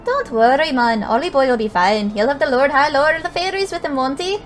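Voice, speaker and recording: A woman's voice: sits high, fairly quick, faint music behind. A woman voicing a chatty, cheeky male fairy sidekick in a game, with a wobbly put-on Scottish accent. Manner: lively, inconsistent put-on brogue.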